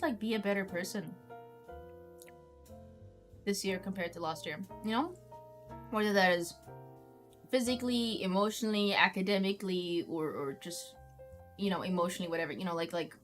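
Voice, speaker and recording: A young woman streaming as a vtuber, chatting casually to her viewers and rambling with lots of filler words. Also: medium pitch. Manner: rambling, heavy use of "like" fillers. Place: home streaming setup.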